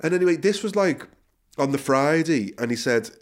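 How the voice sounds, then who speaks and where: A middle-aged man, a musician guest, telling a story in a casual interview, laughing and correcting himself as he goes. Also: on the high side. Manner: animated storyteller, quick self-corrections, frequent laughter.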